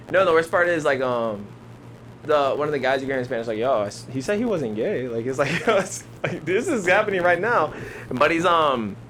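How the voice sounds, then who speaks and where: Young male podcast guest, bright forceful voice, slangy storyteller who laughs a lot, slight hiss behind. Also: medium pitch, animated, normal speed, poor audio. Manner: slangy, laughs often, acts out quotes. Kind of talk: casual storytelling.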